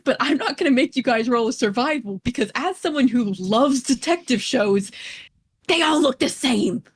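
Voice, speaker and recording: A woman with a fairly high voice runs a tabletop game. She talks in a chatty, rambling way and laughs often. The sound is dry and close to the mic. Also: lively intonation, moderate pace, slightly rough, no echo. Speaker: game master.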